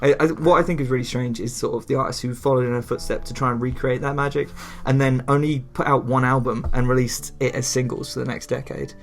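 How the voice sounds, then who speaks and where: A man's voice: medium pitch, steady tone, fast, few pauses. A young man co-hosting a podcast in casual chat, rambling with lots of fillers, swearing and laughing at himself. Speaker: podcast co-host.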